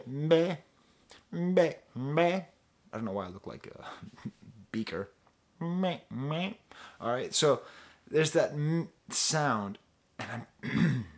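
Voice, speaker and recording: This music reviewer speaks a little slowly in a sing-song way as he casually discusses an album. Thinking out loud, he wanders, cuts himself off, trails away and breaks into falsetto snippets.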